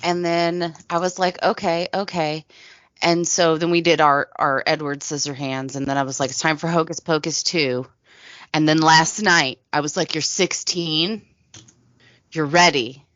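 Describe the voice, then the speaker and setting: A woman's voice: deep voice, fairly even intonation, a little slow, a bit bright, no room sound, muffled recording. A woman with a Texan accent, co-hosting a podcast in casual chat with a playful, teasing manner. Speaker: podcast co-host.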